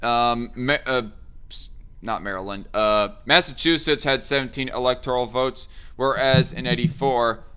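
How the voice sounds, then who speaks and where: A man's voice: medium pitch, moderate pace, pushed and bright, smooth. A man hosting a casual political chat, thinking aloud with many fillers and restarts. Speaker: host.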